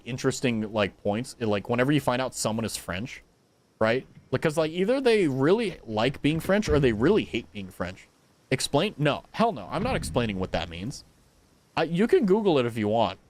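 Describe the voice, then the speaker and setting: A young man streaming a game, chatting casually with his viewers, animated and blunt, swearing freely. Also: mid-range voice, normal speed. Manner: animated, swearing, talks to chat. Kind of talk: casual live-stream chat.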